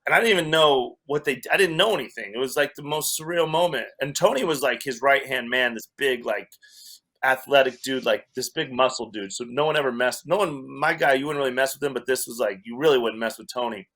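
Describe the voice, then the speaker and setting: A man's voice: mid-range voice, a little fast, fairly bright tone. Man rambling through a comic story. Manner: rambling, self-interrupting, laughs through the story. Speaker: comedian guest. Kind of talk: casual storytelling.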